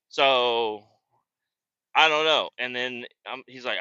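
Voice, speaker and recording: A man's voice: medium pitch, measured pace, bright, forceful tone, clear, resonant tone, no room sound, highs cut off. A man chatting casually while driving, telling stories in a profane, laid-back way. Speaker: vlogger and truck driver.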